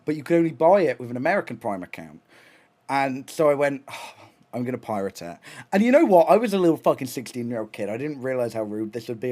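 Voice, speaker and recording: Here a young man with a mid-range voice talks casually on a live stream. Excitable and prone to rambling, he swears a lot and restarts his sentences.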